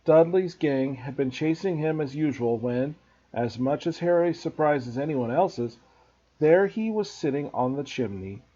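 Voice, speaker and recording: A man, a teacher, reading a children's novel aloud to students in an expressive storybook narration. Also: a little high, a little slow, lo-fi sound.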